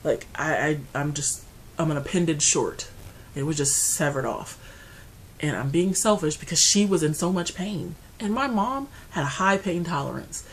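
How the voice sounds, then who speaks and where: A woman vlogger talking through her grief at home, rambling and restarting, going quiet and then loud. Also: low voice, lively intonation, normal speed, slight background noise, rough recording. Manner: grieving, rambling, restarts often, swings between quiet and loud. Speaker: beauty vlogger. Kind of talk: casual personal talk to camera. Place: her apartment.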